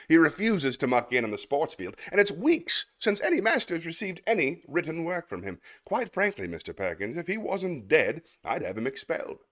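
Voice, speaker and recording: A man's voice: medium pitch, fairly bright tone. A man performing a comic monologue as a pompous, callous male school headmaster with stiff, formal bluster.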